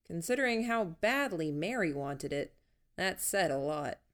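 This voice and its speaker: A woman reading a first-person story aloud in an even, measured storytelling manner. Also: fairly low pitch. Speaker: audiobook narrator. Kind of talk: first-person audiobook narration.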